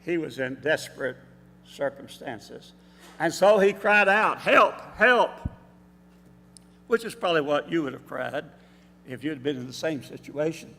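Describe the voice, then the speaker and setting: A man filling in as preacher, giving a measured, explanatory sermon with pauses in a church sanctuary. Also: on the high side, vocal fry, a bit bright. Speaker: substitute preacher. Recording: reverberant church hall.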